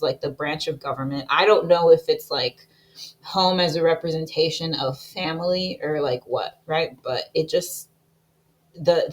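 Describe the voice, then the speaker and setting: Low-voiced woman sharing a prophetic word. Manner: casual, with frequent "like" and "right?" fillers between readings. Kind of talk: reading aloud a received prophetic word.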